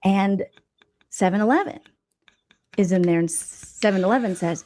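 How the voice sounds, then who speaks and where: A woman's voice: medium pitch, normal speed, pauses often. A woman hosting a livestream, telling gossip in a mocking comedic style. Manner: mocking, animated, puts on voices for quotes. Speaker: livestream host.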